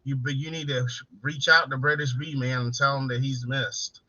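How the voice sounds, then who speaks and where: A man's voice: medium pitch, flat delivery, normal speed, muffled recording, very noisy. A man co-hosting a casual late-night live stream, joking, swearing and calling out chat viewers by name.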